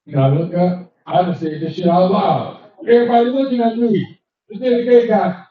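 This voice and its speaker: A man's voice: high-pitched, a little fast. An older man doing a brash, profane stand-up comedy set in a cigar lounge, acting out the people in his stories. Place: cigar lounge, live show. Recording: echoey, dull room sound from a distance.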